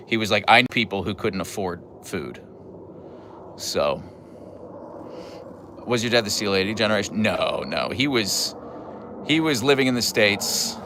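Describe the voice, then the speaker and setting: Animated low-voiced man rambling on a stream. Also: slight background noise. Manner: animated, rambling with many asides and restarts. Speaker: livestream host. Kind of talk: casual live-stream chat, reading viewer messages.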